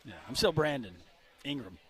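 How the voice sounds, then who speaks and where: A man's voice: mid-range voice, animated, normal speed, fairly bright tone. A married man co-hosting a sports radio show, joking and laughing easily in casual chat. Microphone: studio microphone.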